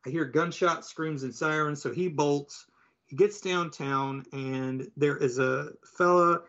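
A man's voice: on the high side, unhurried, a bit bright. A man co-hosting a podcast, casually retelling a comic book plot with lots of fillers and asides. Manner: rambling, filler-heavy storytelling. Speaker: podcast co-host. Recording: slightly dull lo-fi audio.

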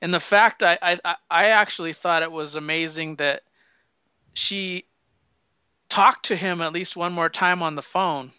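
Animated man in casual chat. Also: a little high, measured pace, smooth, no echo. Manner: animated storyteller, acts out quotes. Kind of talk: casual film discussion. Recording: dull lo-fi sound.

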